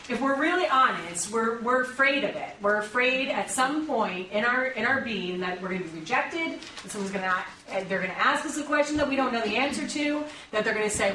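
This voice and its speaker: A woman's voice: fairly high pitch, lively intonation, fairly quick, hardly any pauses, bright, forceful tone. A woman leading a conversational sermon, engaging her group with questions as she talks through a Bible passage. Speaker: pastor or Bible study leader. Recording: roomy, distant mic, faint room noise.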